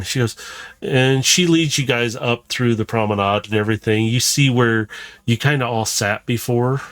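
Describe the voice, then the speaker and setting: A man narrating as game master in a relaxed, rambling way, often chuckling. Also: mid-range voice, normal speed, no echo.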